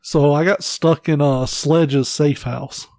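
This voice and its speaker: A man's voice: on the high side, fairly even intonation, slow pace, a little mellow, no echo. A man hosting a casual podcast, telling stories in a laid-back, rambling way with lots of filler words. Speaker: podcast host. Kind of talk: casual chat.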